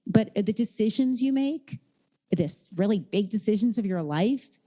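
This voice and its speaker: A woman in her fifties from New York, a guest author talking earnestly and candidly in an interview, often in quick bursts with many "like" fillers. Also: medium pitch, animated, warm tone. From New York, USA. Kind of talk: reflective interview conversation.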